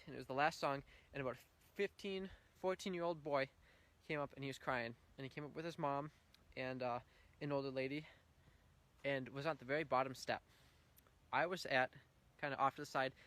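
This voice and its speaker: A man's voice: medium pitch, a bit bright. Earnest young man sharing his testimony. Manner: earnest, heartfelt storytelling with emotional swells. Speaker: church member giving testimony. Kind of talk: personal faith testimony.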